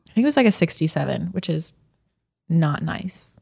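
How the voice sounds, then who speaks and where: A woman's voice: sits low, animated, moderate pace, gravelly, darkish tone, husky. A woman co-hosting a podcast in casual chat, bubbly and laughing often. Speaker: podcast co-host.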